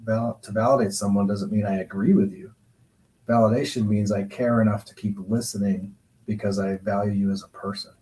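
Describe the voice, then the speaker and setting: A male counselor gives relationship advice in a measured, reflective way. His voice sits a little low, and he takes his time explaining each point. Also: steady tone, warm tone, a little hiss or hum, low-quality recording. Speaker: guest counselor and coach. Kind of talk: calm advice-giving talk.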